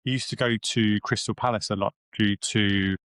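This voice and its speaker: Rambling, low-voiced male podcast storyteller. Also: moderate pace, smooth, no room sound. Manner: rambling, animated storyteller with many restarts. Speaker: podcast co-host. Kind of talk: casual chat.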